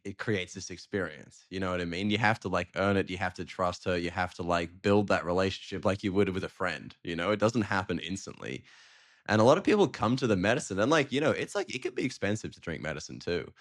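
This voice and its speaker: A male podcast host answering his guest in a relaxed, affirming way, leaning on "you know". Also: sits low. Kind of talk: casual conversation.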